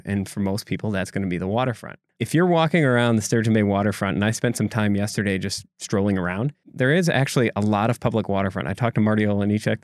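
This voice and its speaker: A man's voice: fairly low pitch, no room sound, studio quality. A man co-hosting a podcast, explaining a local story in a loose conversational way with asides and restarts. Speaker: podcast co-host reporting. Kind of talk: casual podcast chat.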